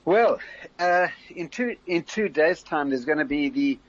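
A husky-voiced older man with a fairly high pitch speaks in a measured, explanatory way as a radio interview guest. He restarts phrases as he works through his points. The sound is muffled and lo-fi. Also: expressive. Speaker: interview guest, former community leader.

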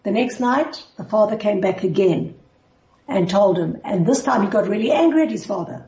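A woman teaching a Bible class, telling a story in an animated way and acting out the characters' lines. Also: medium pitch, moderate pace. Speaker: Torah teacher. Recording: roomy, distant, dull recording.

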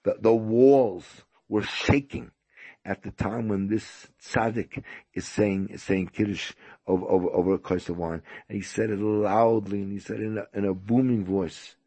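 Gravelly man telling a story. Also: lowish voice, steady tone, moderate pace, warm tone. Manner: repetitive, stammering storytelling. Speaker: rabbi. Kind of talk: storytelling sermon.

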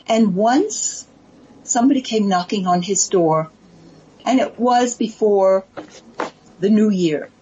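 A woman telling a religious story in a dramatic, emphatic way, with pauses. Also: medium pitch, warm tone, highs cut off, slight background noise. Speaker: speaker. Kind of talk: storytelling talk.

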